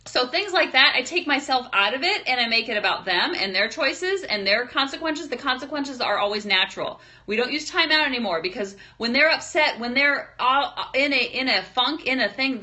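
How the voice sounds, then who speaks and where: A woman in her thirties talking casually about parenting, chatty and animated, acting out little scenes with her children. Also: medium pitch. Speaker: parenting talk host. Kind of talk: casual parenting talk to camera.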